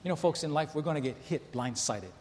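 A man's voice: fairly high pitch, expressive, fast. A man in his thirties preaching a sermon, telling stories in a conversational way and asking the congregation rhetorical questions. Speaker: pastor. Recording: long hall reverb, faint ambience.

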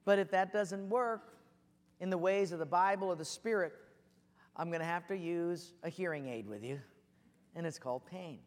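A man preaching a sermon with passion, building to near shouts as he tells stories. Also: high voice, moderate pace, in a large hall. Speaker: pastor.

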